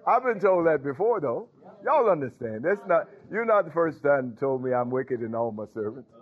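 A man's voice: on the high side, very animated, moderate pace, narrow, tinny audio. A man preaching a sermon, calling out to the congregation and breaking into sung lines.

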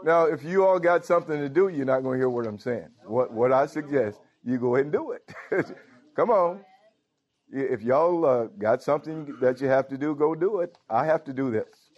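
Man, pastor, conversational sermon, calls out to the church, middle pitch, slightly muffled recording. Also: expressive, moderate pace, darkish tone. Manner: informal preaching with frequent call-outs to the congregation.

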